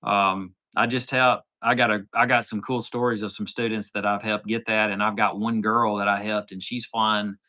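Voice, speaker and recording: A man's voice: fairly low pitch, flat delivery, moderate pace, hardly any pauses, pushed and bright. A man, hosting a casual off-road livestream and telling a rambling story with lots of quoted dialogue. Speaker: off-road channel host.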